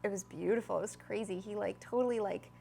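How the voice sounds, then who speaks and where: A woman's voice: mid-range voice, fairly even intonation, quick pace, vocal fry, mellow, a little hiss or hum. A young adult woman talking as an interview guest about her acting, bubbly and full of "like" fillers. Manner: bubbly, lots of "like", laughs while talking. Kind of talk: casual interview chat.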